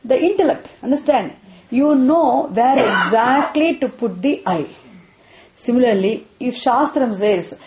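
Female teacher, drills points with questions, bright-ish pitch, reverberant room. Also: lively intonation, a little slow. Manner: repetitive, checks students with frequent questions. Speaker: spiritual teacher. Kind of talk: interactive scripture class. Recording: echoey room.

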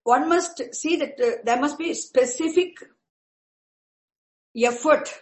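Woman teacher, a bit high, slow, patient explainer who rephrases as she goes. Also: poor audio. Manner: patient, repeats and restarts while explaining terms. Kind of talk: lecture on Vedic chanting.

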